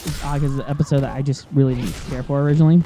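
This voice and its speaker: A man's voice: medium pitch, steady tone, rapid-fire, dark tone, a little hiss or hum. A man commentating casually over a video game he plays, rambling through tangents with many fillers and frequent laughs. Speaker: gaming commentator. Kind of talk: casual let's play commentary. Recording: faint game music behind.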